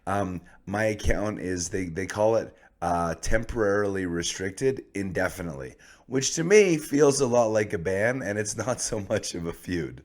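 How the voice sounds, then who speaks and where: A male podcast host with a somewhat low voice. He stumbles and restarts as he works toward his questions in an easy conversational tone. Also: animated. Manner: halting, with frequent restarts when posing questions.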